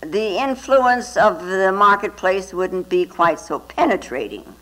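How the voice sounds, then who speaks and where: A woman's voice: medium pitch, expressive, unhurried, a bit bright, poor audio. A woman Zen teacher giving a dharma talk, telling stories and often adding little tag questions. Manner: storytelling with frequent tag questions.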